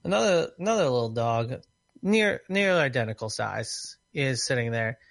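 A man chatting casually on a podcast, telling an animated, joking story. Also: mid-range voice, normal speed, vocal fry, no room sound, clean studio sound.

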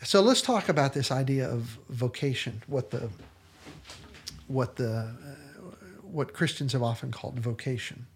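A man's voice: medium pitch, a little slow, breathy edge. A man hosting a podcast, retelling scenes in an earnest, enthusiastic casual discussion. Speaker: podcast host.

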